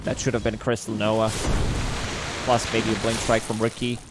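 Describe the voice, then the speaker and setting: A man giving measured, analytical color commentary on an esports match. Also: fairly low pitch, completely flat delivery, very noisy. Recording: music playing underneath.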